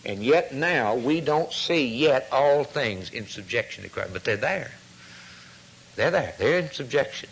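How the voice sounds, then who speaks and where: A man delivers a sermon in a voice of middle pitch. He is fervent and leans on rhetorical questions. He sinks to hushed, intimate tones for emphasis. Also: animated, a little slow, a little hiss or hum, rough recording. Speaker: preacher.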